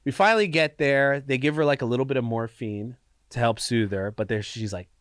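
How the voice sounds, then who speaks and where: A man's voice: medium pitch, a little fast, fairly bright tone, no echo, studio quality. A tired young man with a stuffy, congested voice, telling stories as a podcast co-host in casual chat. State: recovering from a cold, tired.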